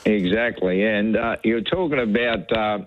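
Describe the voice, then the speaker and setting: A man's voice: on the low side, normal speed, noisy background. An older man with an Australian accent, calling into a radio show and chatting casually, rambling with lots of "you know"s. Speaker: caller. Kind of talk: casual radio call-in chat. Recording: tinny phone line.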